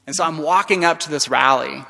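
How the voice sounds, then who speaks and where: A man giving a conference keynote, telling a story with passion, dropping to a hush and then rising loud. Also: on the high side, brisk, vocal fry. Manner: impassioned, shifts from hushed to loud. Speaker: keynote speaker. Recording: long hall reverb.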